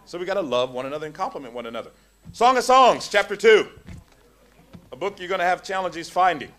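Lively male preacher with a higher voice, jokey and animated. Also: fast. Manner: animated, jokey, repeats words when building up. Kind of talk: sermon.

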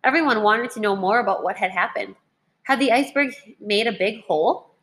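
A woman teacher reading a children's history book aloud in a clear, measured way. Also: mid-range voice, fairly bright tone.

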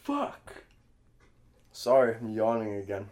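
A man's voice: low voice, measured pace. A man in his thirties, a podcast guest, chatting casually in a laid-back way, swearing and laughing often. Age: 30s. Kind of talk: casual chat.

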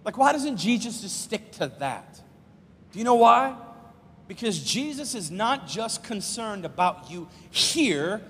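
A man preaching a sermon, swinging between loud emphatic bursts and low soft phrases and calling out to the congregation for responses. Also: sing-song, unhurried, a little hiss or hum. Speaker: pastor. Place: church sanctuary. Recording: live sermon in a reverberant church hall.

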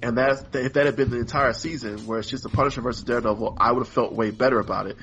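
A man's voice: medium pitch, fairly even intonation, rapid-fire, a bit bright, muffled recording, faint music behind. A man co-hosting a podcast in casual chat, rambling and exasperated, acting out characters in mock voices. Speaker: podcast co-host.

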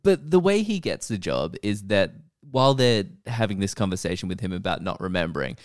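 A man co-hosts a casual podcast, retelling a plot in a rambling, joking way and often restarting his sentences. His voice leaps all over the place in pitch. The sound is close and dry. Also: very animated, a little fast, no echo. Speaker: podcast co-host. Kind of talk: casual chat recapping a show.

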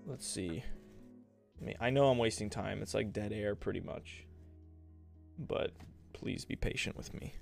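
A young man talks through a solo podcast episode in a loose, rambling way, laughing at himself as he goes. His voice sits low with a gravelly fry. Soft music plays faintly behind him. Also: a little slow, pauses often. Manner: rambling, self-deprecating, laughs often. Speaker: podcast host and streamer. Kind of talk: casual solo podcast chat.

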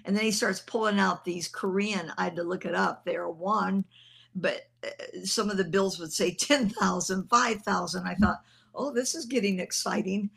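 Older woman, minister, earnest testimony, gravelly voice, husky edge. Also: lowish voice, moderate pace, a bit bright. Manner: conversational and earnest, with fillers. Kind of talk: testimony storytelling.

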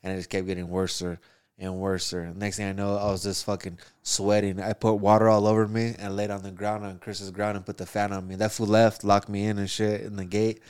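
Man, casual chat, quick profane storyteller with a clear, lowish voice. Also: flat delivery, darkish tone. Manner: profane, rambling storytelling with quoted asides.

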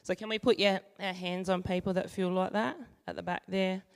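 A woman giving a sermon, moving from an animated story with acted-out voices to calm teaching and prayer. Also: fairly low pitch, moderate pace, creaky, clean tone. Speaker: church speaker. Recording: long hall reverb.

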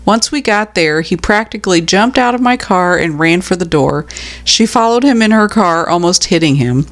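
A woman's voice: lowish voice, animated, normal speed. Laughing woman podcast co-host. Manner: reads out stories, laughs often. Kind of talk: casual storytelling chat.

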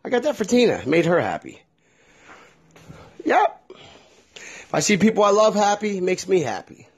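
A middle-aged man talks straight into his own podcast, blunt and profane. His voice sits a little high and swings widely in pitch. The tone is husky and rough. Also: wildly swooping pitch, moderate pace. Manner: blunt and profane, with a lot of feeling. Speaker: podcast host. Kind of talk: candid solo podcast monologue.

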